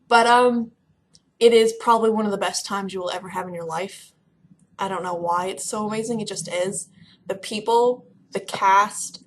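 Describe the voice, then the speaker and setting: A young woman from Kentucky chatting casually to camera in a vlog, excitable and rambling. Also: medium pitch, a little hiss or hum. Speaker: vlogger. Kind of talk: casual chat.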